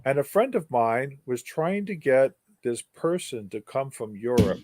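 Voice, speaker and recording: An older man speaks as a guest, spinning a long anecdote with wry humor and emphatic repeated words. His voice sits at a middle pitch and is recorded dry and close. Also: dry recording. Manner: wry, animated storyteller with emphatic repetition. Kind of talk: storytelling in an interview.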